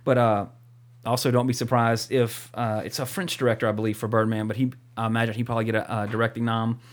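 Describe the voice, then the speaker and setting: A man's voice: mid-range voice, flat delivery, fast talker. A young man co-hosting a podcast, chatting casually and rambling, with lots of fillers, restarts and swearing. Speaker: podcast co-host.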